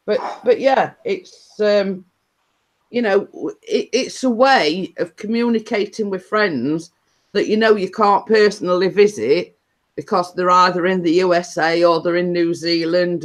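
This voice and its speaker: A woman's voice: on the low side, measured pace. A woman hosting a casual live stream, talking in a rambling, chatty way with many fillers and restarts. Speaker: livestream host.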